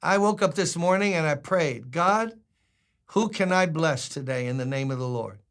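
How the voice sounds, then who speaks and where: A man's voice: fairly high pitch, animated, moderate pace, a bit bright, smooth. An older man preaching a sermon as a pastor, conversational and humorous, acting out quotes.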